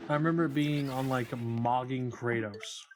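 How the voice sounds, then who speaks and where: A man's voice: mid-range voice, fairly even intonation, unhurried, a little hiss or hum. A man live-streaming a video game, chatting casually with viewers in a profane, rambling, joking way.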